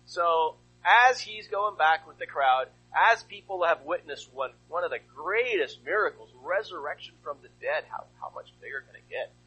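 A male pastor delivers a sermon in a high, bright voice with a husky grain. His pitch swings widely as he retells the story and fires off rhetorical questions. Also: lively intonation, normal speed, hardly any pauses, lo-fi sound.

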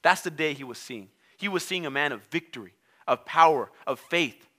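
A non-native English-speaking man preaching a sermon, telling the story in an animated way and acting out its characters. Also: on the high side, moderate pace. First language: not English.

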